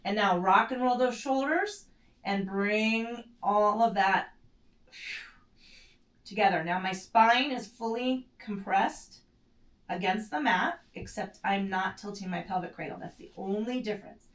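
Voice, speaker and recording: A woman's voice: mid-range voice, a little slow, recorded from a distance. A woman teaching a mat pilates class in a casual, self-correcting way, breathing in short strained breaths as she does the moves herself. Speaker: pilates instructor. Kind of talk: guided exercise instruction. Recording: echoey room, set back from the mic.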